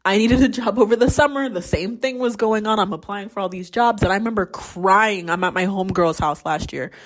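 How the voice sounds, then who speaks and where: A woman's voice: medium pitch, fairly quick. Candid young woman telling stories. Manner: candid storytelling, acts out quoted voices; swears freely. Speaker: podcast host; teacher. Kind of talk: casual solo mental health check-in.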